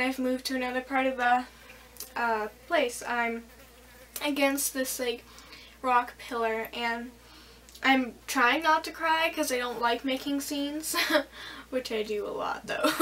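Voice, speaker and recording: A woman's voice: high-pitched, steady tone, takes it slowly, a bit bright, far from the mic, low-quality recording. A teenage girl vlogging a casual storytime, rambling and giggly with lots of fillers.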